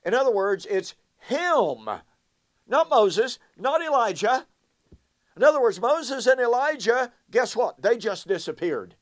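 Slow, emphatic high-voiced male Bible teacher. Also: big pitch swings. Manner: emphatic, asks rhetorical questions.

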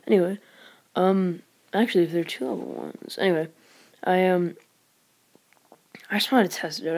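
A woman giving live gameplay commentary as a channel host, excitable and rambling, with frequent exclamations and whispered asides. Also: lowish voice.

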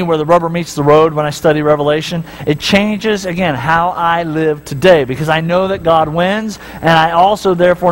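A middle-aged man preaching a sermon, animated and storytelling, acting out voices and asking the congregation questions. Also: sits high, a little hiss or hum, rough recording. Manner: talks straight to the congregation with repeated questions. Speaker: pastor. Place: church sanctuary.

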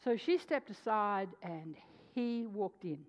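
A woman's voice: mid-range voice, takes it slowly. Woman preacher telling a story in a reverberant hall. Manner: animated storyteller, swings between loud and soft. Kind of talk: sermon storytelling. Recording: dull lo-fi sound with long hall reverb.

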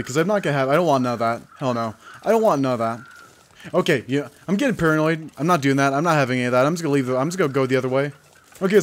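A young man hosting a let's play, rambling and self-mocking as he talks over his game, jumpy and easily excited. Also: on the high side. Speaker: gaming channel host.

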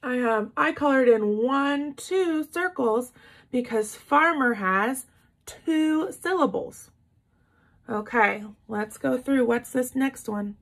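A woman teacher speaking slowly and patiently to young children, drawing out each word as she counts its parts. Her fairly high voice has a gravelly, slightly husky edge. She keeps praising and coaxing her listeners along. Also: fairly bright tone. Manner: slow, patient, encouraging, claps out words syllable by syllable. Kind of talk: classroom lesson for young children.

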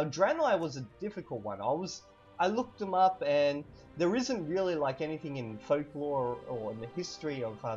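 A man teaching vocabulary in a casual lesson, repeating each word slowly with fillers. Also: medium pitch, a little mellow, highs cut off. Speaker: language teacher.

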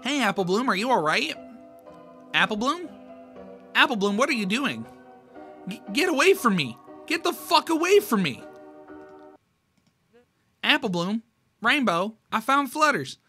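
A man's voice: high-pitched, big pitch swings, normal speed, long pauses, sharp tone, faint music behind, voice pushed up, heavily acted. A man voicing a protective young farm mare from a fan comic, urgent and scared. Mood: frightened.

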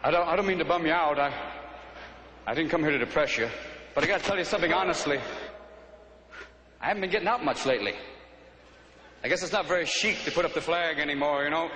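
A man voicing a wistful, patriotic talking flag with a high, bright, lively voice. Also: fast, pauses often, echoey room, long reverb tail, a little hiss or hum. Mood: cheerful rueful. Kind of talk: comic voice acting.

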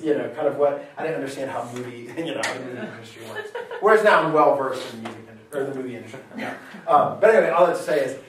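Echoey, far-miked male Latin teacher. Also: on the high side. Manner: lively, thinks aloud and corrects himself. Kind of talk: classroom lecture. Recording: very echoey room, mic far off.

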